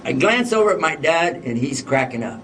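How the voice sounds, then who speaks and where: A man's voice: fairly high pitch, big pitch swings, fairly quick. A man, telling a humorous personal story in a loose, self-mocking, chatty way during a lecture. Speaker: Islamic lecturer. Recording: voice picked up from a distance.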